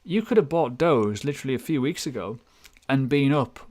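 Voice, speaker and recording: A man hosts a casual livestream, talking loosely and joking at his own expense. His voice sits at an ordinary middle pitch, and his chat is slangy and relaxed. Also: a little fast. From United Kingdom. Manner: chatty, jokey, self-deprecating, with slangy asides. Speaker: crypto analysis livestream host.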